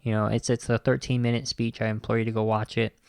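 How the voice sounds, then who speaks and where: Enthusiastic male podcast host, low and gravelly, fillers galore, dry close sound. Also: little pitch movement, fast talker, darkish tone, dry recording. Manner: enthusiastic, heavy use of "like" and "you know". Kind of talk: casual podcast commentary.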